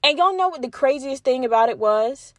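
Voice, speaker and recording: A young woman with a fairly high voice tells a story on her own podcast, swearing freely and talking to her listeners as "y'all." The sound is dry and close, with no room echo. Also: fairly quick. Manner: profane, animated, addresses listeners as y'all. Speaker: podcast host. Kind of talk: casual storytelling monologue.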